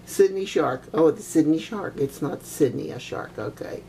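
Older woman, grandma game commentary, lowish voice, chatty and exclamatory, giggly. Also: normal speed, dark tone, a little hiss or hum. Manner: chatty and exclamatory, with old-fashioned oaths and giggles. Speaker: gaming grandmother.

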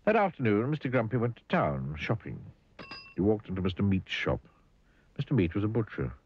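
A man reading a children's storybook aloud in an animated way, asking the listener questions. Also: fairly low pitch, fairly quick, lo-fi sound, slight background noise. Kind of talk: storybook read-aloud narration.

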